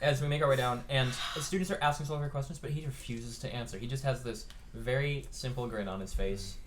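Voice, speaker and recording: A man's voice: mid-range voice, fast talker, noisy background. A man narrating as game master of a tabletop game, laid-back and joking with his players, often correcting himself mid-sentence.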